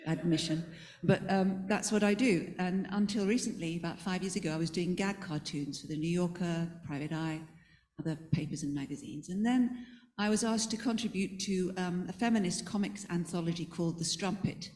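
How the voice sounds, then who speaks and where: A woman's voice: lowish voice, steady tone, normal speed, darkish tone. A woman with an English accent, introducing herself as a cartoonist on a discussion panel in a chatty, self-deprecating way. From England. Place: event hall. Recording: long hall reverb, faint noise.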